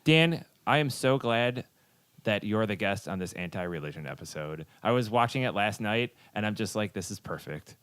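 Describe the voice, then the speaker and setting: A man's voice: fairly low pitch, expressive, moderate pace, fairly bright tone, clear, resonant tone, dry recording. A man hosting a casual podcast chat, rambling with many fillers and restarts. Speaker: podcast host.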